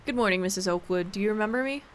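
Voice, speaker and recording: A woman voicing a grave, formal male doctor in a game, reading his lines in a measured way. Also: medium pitch, a little hiss or hum, lightly acted.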